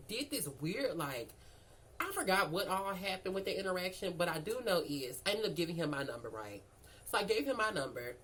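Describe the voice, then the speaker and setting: A young woman spins a casual storytime tale, her speaking voice sitting on the low side. She is animated and profane, acting out both sides of each conversation. The delivery is loose and chatty. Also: a little hiss or hum, rough recording.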